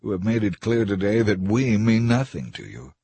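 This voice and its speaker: A man reading scripture aloud in a measured, even narration. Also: lowish voice, gravelly, breathy edge. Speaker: scripture reader. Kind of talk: scripted Bible reading over music. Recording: soft music bed behind.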